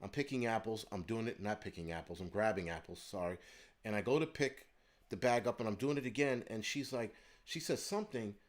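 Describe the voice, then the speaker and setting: A man's voice: lowish voice, fairly quick. A man hosting his channel, telling a story in a heated, profane rant. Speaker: host of a prepping channel. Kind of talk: ranting storytelling monologue.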